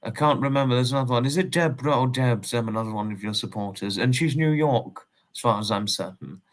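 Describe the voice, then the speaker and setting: A man's voice: mid-range voice, fast. A man with an English accent hosting a casual livestream, rambling and repeating himself in polite, formal phrases as he greets viewers and reads their messages. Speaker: livestream host.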